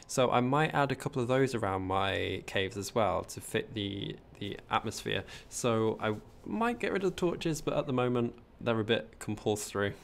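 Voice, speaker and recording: A man's voice: fairly low pitch, lively intonation, normal speed, creaky, few pauses, slight background noise. A man with a posh English accent, chatting casually on a gameplay livestream, rambling and reading out chat as he builds. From England.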